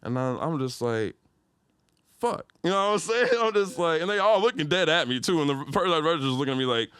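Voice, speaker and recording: A young man from Detroit, a podcast guest telling a story in casual slang and jumping into loud, high-pitched retellings. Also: expressive, quick pace, clean tone, dry recording, clean studio sound.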